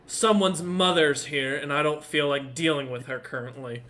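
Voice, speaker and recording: A man's voice: fairly high pitch, moderate pace, sharp tone. A man voicing an irate male tiefling devil in a butler's suit, scolding and threatening. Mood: menacing.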